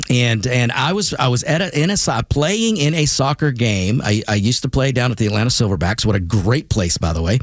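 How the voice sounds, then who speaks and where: Male talk radio host, animated and fast-swinging in pitch, stammering restarts, dry studio mic. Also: dry recording. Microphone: studio microphone.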